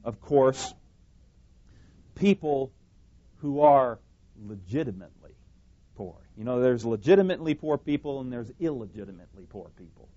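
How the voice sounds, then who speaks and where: A man's voice: mid-range voice, a little mellow. Man preaching, dull lo-fi sound. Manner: emphatic, repeats phrases, corrects himself mid-sentence. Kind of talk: sermon. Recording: dull lo-fi recording.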